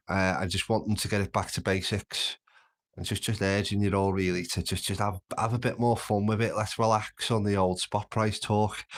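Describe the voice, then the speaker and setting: A man from Birkenhead with a Merseyside accent, chatting casually and rambling on his home livestream. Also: on the low side. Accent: Merseyside (Scouse-like). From Birkenhead, England. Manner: rambling, chatty, easily sidetracked. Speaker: livestream host.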